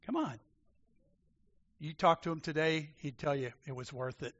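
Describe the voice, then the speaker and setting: A man preaching a sermon, emphatic and animated, swinging from loud declarations to quiet asides. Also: on the high side, moderate pace. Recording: dull lo-fi sound.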